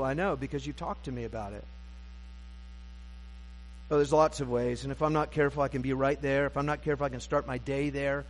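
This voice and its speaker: A man with a high voice delivers a sermon from the pulpit, talking to his congregation in a conversational, self-deprecating way with dry humor. His voice rings out with the long reverb of a large church sanctuary, and a low mains hum sits underneath. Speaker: pastor.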